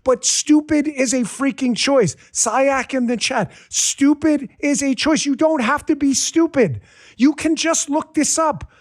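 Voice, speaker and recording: High-pitched ranting male talk host. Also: unhurried. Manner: ranting, sarcastic, repeats punchlines for emphasis; talks straight to his audience and crew. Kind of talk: political talk show monologue.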